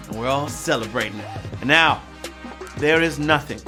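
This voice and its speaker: A man's voice: mid-range voice, normal speed, bright, forceful tone, soft background music. A man hosting a live trivia show, reading questions with playful rhyming quips and jokes. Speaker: trivia game show host.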